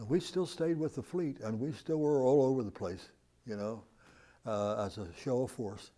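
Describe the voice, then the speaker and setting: A man in his nineties from the United States, telling war stories in an interview as an animated storyteller who chuckles at his own tale. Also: mid-range voice, normal speed. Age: 90s. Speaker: veteran interviewee. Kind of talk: recounting war memories in an interview.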